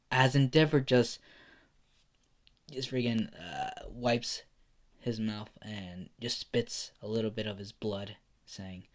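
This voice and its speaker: Slow casual young man narrating a fan story. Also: on the low side, sharp tone. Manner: casual, with fillers and self-corrections.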